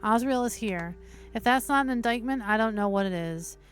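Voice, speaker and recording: Soft background music accompanies a woman with a fairly high pitch and moderate pace. She's a streamer host narrating a visual novel steadily, pausing between passages for casual asides laced with swearing.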